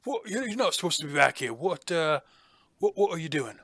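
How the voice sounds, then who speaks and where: A man gives voice to a gruff tavern creature keeper who barks threats at caged beasts and strangers. The voice sits well above his normal pitch and comes out loud and forceful. Close and dry, like a tabletop game told at the mic. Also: big pitch swings, a little fast, no echo, heavily acted. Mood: suspicious. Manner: threatening, barking orders.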